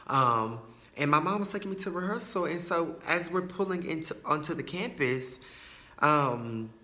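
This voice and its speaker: A man's voice: fairly high pitch, animated, normal speed, sharp tone, echoey room. A man, hosting a podcast and telling a personal story in a chatty way, full of fillers and asides. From Tyler, Texas. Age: 20s. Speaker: podcast host.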